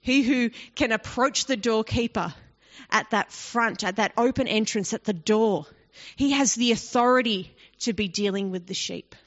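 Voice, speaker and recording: A woman with a somewhat high voice leads a Bible study, explaining a passage in a relaxed, conversational way. She often turns to the listeners with rhetorical questions. The recording sounds dull and lo-fi. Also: normal speed. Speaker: bible teacher.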